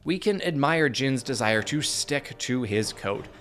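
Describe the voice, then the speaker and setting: A man narrating a scripted video essay in an earnest, measured way, with dry asides. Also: mid-range voice, animated, a bit bright, soft background music.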